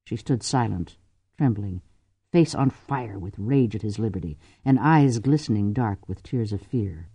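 Male narrator, measured dramatic read, warm and dry. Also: on the low side, expressive, husky, no room sound. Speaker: audiobook narrator. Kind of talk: scripted narration.

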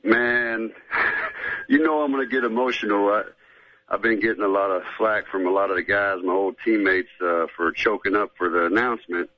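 A man's voice: on the low side, moderate pace, no room sound. A middle-aged man and former football player, a guest in a casual radio interview, talking in a laid-back drawl and saying "man" a lot. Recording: dull lo-fi radio audio.

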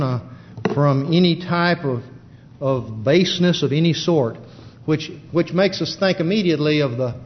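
Guy preaching bible study, slightly high voice, lots of ums, dull lo-fi church recording w/ long echo. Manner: halting, plain-spoken Bible teaching with many fillers. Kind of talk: sermon.

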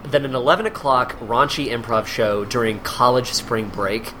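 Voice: mid-range voice, normal speed, faint music behind. A guest who performs improv on cruise ships, telling stories in casual chat and acting out the people in them. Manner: animated storyteller, acts out quoted people, laughs often.

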